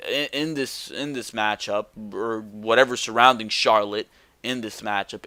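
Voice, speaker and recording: A man hosting a wrestling predictions show, talking bluntly and excitably with casual swearing and slang. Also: medium pitch, smooth, dry recording.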